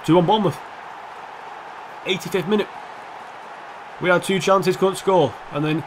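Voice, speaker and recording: A man's voice: on the high side, fairly quick, long pauses, a little hiss or hum. A young man giving casual, sweary, sarcastic commentary over a football video game, talking back at the players on screen. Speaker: gaming YouTuber.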